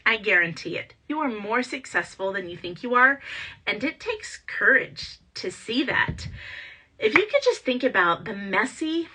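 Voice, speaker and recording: A woman hosting a motivational talk, energetic and full of rhetorical questions. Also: on the high side, unhurried, slightly rough. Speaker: podcast host and entrepreneur coach.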